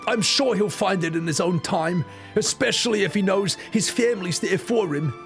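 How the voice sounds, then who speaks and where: A man's voice: high voice, moderate pace, vocal fry, soft background music, pitched above the performer's own voice. A man voicing a proud older male leader in a game cutscene, speaking in a stately tone that he breaks with crude insults. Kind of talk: playful dub-over of a game cutscene.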